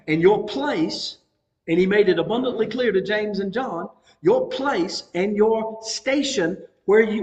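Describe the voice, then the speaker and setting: A middle-aged pastor teaches a Bible study in a folksy, conversational way. His voice sits fairly high. The recording is dull and carries a long reverb from the church hall. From North Carolina. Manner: folksy, conversational preaching with Southern colloquialisms.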